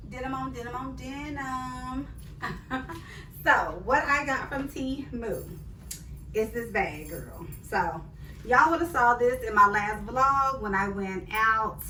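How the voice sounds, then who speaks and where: A woman's voice: on the high side, pushed and bright, far from the mic, a little hiss or hum. A woman, chatting casually with viewers in a try-on haul and calling them girl and sis. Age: 40s. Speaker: fashion vlogger. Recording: echoey room, voice off-mic.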